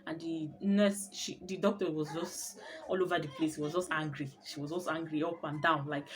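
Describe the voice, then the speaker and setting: A young woman telling her birth story in a casual vlog, expressive and often laughing as she talks. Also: lowish voice, brisk.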